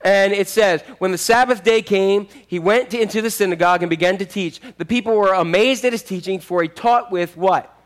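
A man preaching a sermon as pastor, animated and acting out the voices of people in the story. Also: sits high, moderate pace, hardly any pauses.

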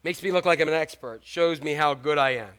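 A middle-aged man preaching a sermon as a pastor, animated and joking, acting out little stories as he goes. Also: fairly high pitch, a little fast, smooth. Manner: animated, storytelling with jokes and acted-out asides.

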